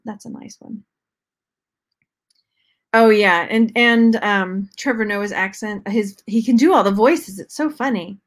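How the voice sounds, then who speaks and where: A chatty woman from Texas hosting a casual live jewelry unboxing, rambling and reading the chat as she goes. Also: mid-range voice. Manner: chatty, rambling, talks to her cat and to chat. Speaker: jewelry reseller and channel host.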